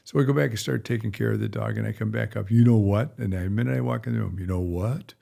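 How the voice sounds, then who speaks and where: A man's voice: lowish voice, fairly even intonation, racing, gravelly, darkish tone. A middle-aged male veterinarian chatting on a podcast, rambling and folksy with blunt asides. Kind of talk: casual podcast chat.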